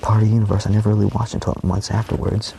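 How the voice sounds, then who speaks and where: Young man, low gravelly voice, profane rambling monologue that keeps dropping to a whisper; faint background hiss. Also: level tone, rapid-fire. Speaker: vlogger.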